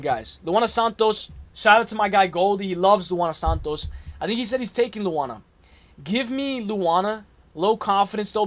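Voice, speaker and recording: High-voiced excitable streamer guy. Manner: slangy, excitable, reacts to chat. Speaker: livestream host making fight picks. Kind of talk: casual live-stream chat.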